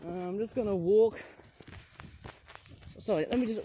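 A man's voice: sits high, unhurried, dark tone, a little hiss or hum, low-quality recording. A man from Malaysia casually narrating a plane spotting vlog outdoors, rambling and commenting on passing trains and planes into a handheld camera. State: out of breath. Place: outdoors near a railway and airfield.

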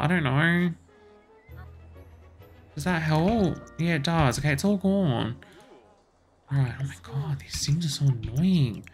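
A woman hosting a gaming channel gives let's play commentary, talking to herself as she bosses her game characters around in exasperation. Her voice is low-pitched with vocal fry.

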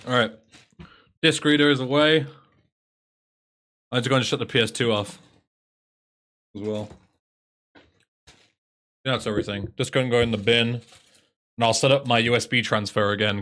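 A man's voice: mid-range voice, normal speed, pauses often, sharp tone. A man with an English accent chatting casually on a live stream, sarcastic and swearing freely.

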